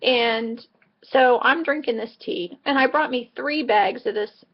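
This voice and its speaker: A woman's voice: on the high side, measured pace, lo-fi sound. A middle-aged woman vlogging in a casual, rambling way, telling a chatty story full of asides. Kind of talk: casual chat.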